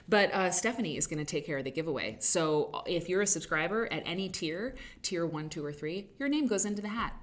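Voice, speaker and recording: Woman, midwestern, livestream host, lowish pitch, chatty, rambling, laughs easily. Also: animated, a little fast, few pauses. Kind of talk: casual livestream chat. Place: home studio with green screen.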